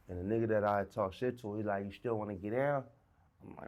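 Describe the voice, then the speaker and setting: Low-voiced Los man telling a story. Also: a little fast, a little mellow. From South Central Los Angeles. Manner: swaggering, profane, acts out both sides of arguments. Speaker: interviewee. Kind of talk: recounting a street story.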